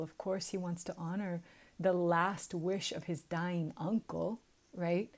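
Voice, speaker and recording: A woman's voice: lowish voice, darkish tone. Chatty Southern woman telling a story. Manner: chatty, laughs at her own jokes. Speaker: spiritual storyteller. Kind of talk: casual storytelling.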